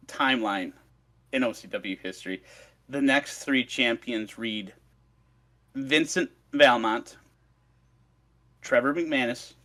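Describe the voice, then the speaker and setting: A man's voice: mid-range voice, sharp tone. A man on a podcast, recounting a story in a swearing, ranting casual chat. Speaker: podcast co-host presenting research.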